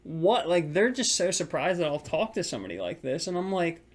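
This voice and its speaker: A man's voice: on the high side, big pitch swings, fairly quick. A young man co-hosting a podcast, telling a frustrated story about work in a rambling, casual way full of filler words. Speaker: podcast co-host.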